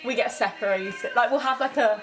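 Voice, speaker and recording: A woman's voice: a little high, fairly quick. A young woman chatting casually with friends on camera, giggly and talkative, with music playing behind her. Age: young adult. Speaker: vlogger.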